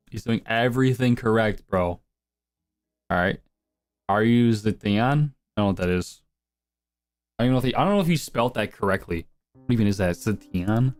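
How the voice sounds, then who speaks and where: A man's voice: fairly low pitch, a little mellow. Young man streamer, crude slangy banter. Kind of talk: live stream, answering chat.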